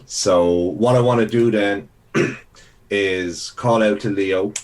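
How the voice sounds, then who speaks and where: A man's voice: lowish voice, slow pace. A man playing a tabletop game, hesitant and thinking aloud as he asks questions. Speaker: player.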